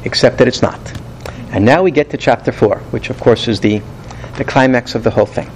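A man teaching a Bible study lesson, animated and rhetorical, who asks questions and then answers them himself. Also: mid-range voice, brisk, a little hiss or hum, poor audio.

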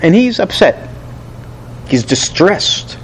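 High-voiced, animated Bible teacher, a man. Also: takes it slowly, slight background noise, low-quality recording. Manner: animated and rhetorical, asks and answers his own questions. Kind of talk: Bible study lesson.

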